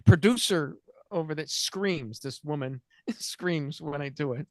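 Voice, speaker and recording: A man's voice: fairly high pitch, a little slow, fairly bright tone, no echo, clean studio sound. Rambling man telling a story. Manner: rambling, self-interrupting, laughs through punchlines. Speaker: podcast host. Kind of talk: casual storytelling chat.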